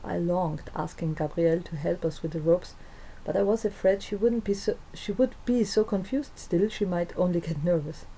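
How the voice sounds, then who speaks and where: A woman reading her own story aloud in the first person, in a calm, soft-spoken way. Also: on the low side, normal speed, hardly any pauses, slight background noise, rough recording. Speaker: narrator and author.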